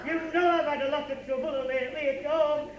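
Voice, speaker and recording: A man's voice: very high-pitched, normal speed, highs cut off, a crowd in the background. A man playing a whiny, tearful grown man in boxing gloves in a live club comedy act, stammering through sobbing complaints. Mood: whining. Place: working men's club stage. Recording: echoey club recording from far off. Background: live audience.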